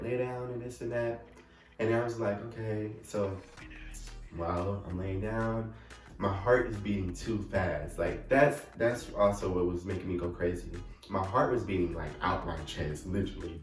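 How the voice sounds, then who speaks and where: A man's voice: fairly low pitch, roomy sound, recorded from a distance. A young man casually telling a funny story about himself, acting out his own panicked quotes. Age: young adult.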